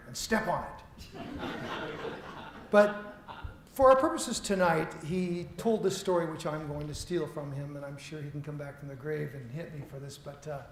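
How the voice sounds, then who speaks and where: A middle-aged man delivers a conference keynote in a roomy lecture hall, with faint noise behind him. His voice sits a little high for a man, and he talks in a loose, storytelling way that pokes fun at himself. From Seattle. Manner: conversational, self-deprecating storyteller. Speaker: keynote speaker.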